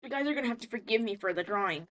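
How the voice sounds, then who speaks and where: A tipsy woman casually rambling through a recap while she draws. She is chatty and profane, and she acts out characters' lines in quick bursts. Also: a little high, lively intonation, fairly bright tone.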